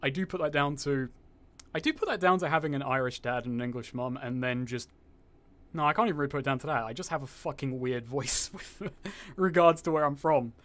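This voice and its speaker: A man's voice: mid-range voice, a little fast, a bit bright. A young man streaming a game, chatting casually with viewers, rambling, swearing freely and reading chat aloud, with a slightly posh-sounding voice. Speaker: gaming streamer.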